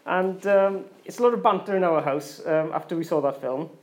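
A man's voice: fairly high pitch, a little fast. A pastor giving an informal, chatty sermon to his congregation, often laughing and mimicking voices as he talks. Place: church congregation.

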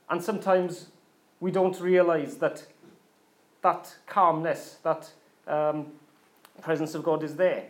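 A pastor giving an informal, chatty sermon to his congregation, often laughing and mimicking voices as he talks. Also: high voice. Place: church congregation.

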